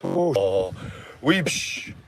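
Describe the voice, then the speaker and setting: A gravelly, slow-talking man vlogs on a windy seafront, shouting out silly chants and daft accents. He talks at a higher pitch than most men. Heavy wind buffets the phone mic throughout. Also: very animated. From England. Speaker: vlogger. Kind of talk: windy seaside vlog. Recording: loud wind noise on the mic.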